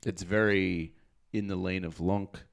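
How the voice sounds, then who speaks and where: A man's voice: sits low, steady tone, a little slow, creaky, clear, resonant tone. A man co-hosting a music review stream, talking in a thoughtful, hesitant way with many fillers. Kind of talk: casual chat.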